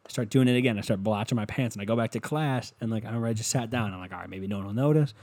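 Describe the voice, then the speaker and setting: A young man from Ohio, USA, races through a rambling, profane story in a slightly low, somewhat mellow voice. He's casual and self-mocking, keeping things loose and conversational.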